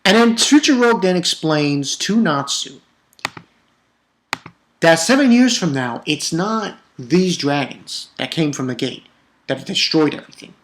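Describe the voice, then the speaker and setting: Animated ranting male manga reviewer. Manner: animated, exasperated ranting with sudden pitch jumps; halting, with frequent repeated words. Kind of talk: casual spoken chapter review.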